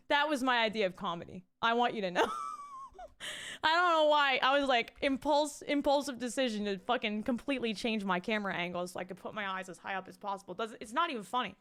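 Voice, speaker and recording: A young woman streams from home, her voice a little high and a bit bright with a clean tone. She chats casually with viewers, reads chat aloud, and swears freely into a desk mic fitted with a pop filter.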